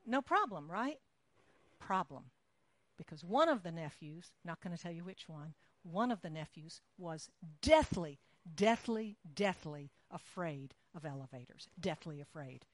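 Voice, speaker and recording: A woman preaching a sermon, telling a story with lively acted-out voices for the people in it. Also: fairly low pitch, unhurried, no room sound. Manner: animated storytelling, acts out quoted voices.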